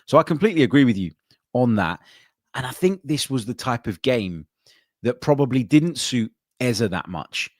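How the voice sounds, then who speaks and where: A man's voice: medium pitch, big pitch swings, normal speed, dry recording, clean studio sound. A man hosting a live football podcast, chatting casually with many ums and uhs and reading out viewer comments. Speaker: podcast host.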